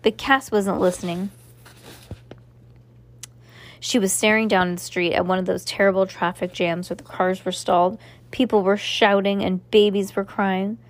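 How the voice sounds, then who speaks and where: A woman's voice: medium pitch, normal speed. Woman reading a children's novel aloud. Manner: steady reading with small slips and restarts. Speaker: reader.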